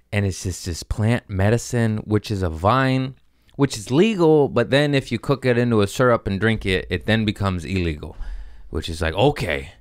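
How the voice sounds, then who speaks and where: A podcast host with a low, smooth voice riffs through a rambling comic monologue, jumping around scatterbrained and mocking himself when he loses his thread. The studio-quality recording has no room sound.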